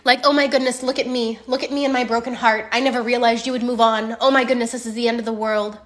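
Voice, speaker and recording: A woman's voice: on the high side, fairly even intonation, quick pace, fairly bright tone, close to an everyday voice. A woman mimicking a melodramatic begging man. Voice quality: exaggerated, theatrical. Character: pleading heartbroken grown man, melodramatic. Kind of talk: mocking impression in casual chat.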